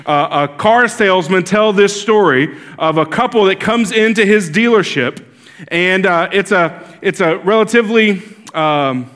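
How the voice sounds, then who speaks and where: A man's voice: high-pitched, a little slow, a bit bright. A man preaching a sermon as a pastor, telling a story in a conversational way with asides and restarts.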